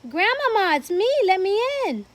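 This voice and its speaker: A woman playing a small boy who is now a mouse, eager, high voice, storybook reading. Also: fairly quick. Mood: excited. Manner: eager, excited.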